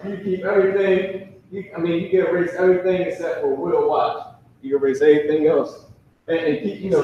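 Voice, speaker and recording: A slightly high-voiced man leads a casual classroom lesson, speaking in loose slang and repeating each sound slowly for his students. He is recorded from across a very echoey room, and the sound comes through muffled. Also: darkish tone, distant mic, a little hiss or hum. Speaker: language teacher. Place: classroom with a whiteboard.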